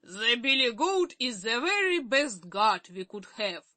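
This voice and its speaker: A woman's voice: on the high side, very animated, unhurried, pushed and bright, no room sound, full character voice. A woman reading an audiobook, voicing an easygoing old sailor. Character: old sailor man, calm and friendly.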